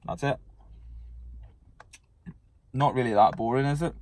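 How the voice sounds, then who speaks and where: A man's voice: medium pitch, a little slow, pauses often, a little mellow. A young man chatting casually about his training in a fitness vlog, laid-back and swearing freely. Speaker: fitness vlogger.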